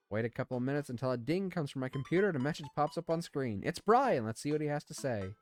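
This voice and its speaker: A man's voice: fairly high pitch, very animated, quick pace, hardly any pauses, faint music behind. A man playing a dating game, casually commenting and reading the lines aloud in a playful, jokey way. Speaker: let's play host.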